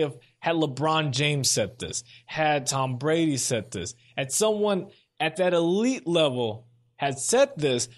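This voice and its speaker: Higher-voiced man giving casual sports takes. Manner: casual, opinionated, thinks aloud. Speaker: sports show host. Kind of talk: solo sports commentary.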